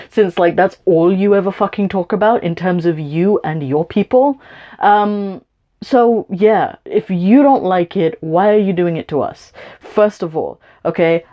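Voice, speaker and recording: A woman's voice: mid-range voice, warm tone. A woman vlogging to her camera, ranting angrily with lots of swearing and sarcasm. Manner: profane, sarcastic and confrontational. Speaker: YouTuber. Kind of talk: angry rant to camera.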